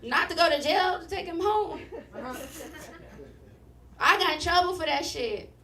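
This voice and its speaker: A young woman performing a stand-up set, telling a story with animated, profane delivery and acted-out voices. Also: very high voice, a little slow, roomy sound, distant mic. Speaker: stand-up comedian. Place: comedy club stage with live audience.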